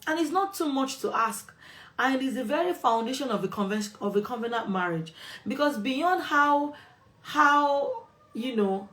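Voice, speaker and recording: A woman's voice: sits high, lively intonation, a little slow, a bit bright. A woman host talking straight to her viewers with relationship advice, firm and emphatic, repeating phrases for stress. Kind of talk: direct-to-camera advice talk.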